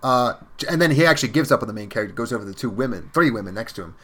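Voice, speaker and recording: A man's voice: medium pitch, animated, very fast, bright, forceful tone. A man hosting a casual podcast, joking, swearing and acting out characters as he retells a story. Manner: joking, profane, acts out characters. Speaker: podcast host. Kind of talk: casual chat.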